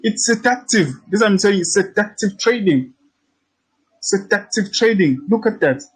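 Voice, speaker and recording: A man's voice: high-pitched, expressive, measured pace, husky, low-quality recording. A man teaching trading in a casual walkthrough, brash and teasing, repeating his points and swearing freely. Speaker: trading instructor. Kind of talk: casual screen-share tutorial.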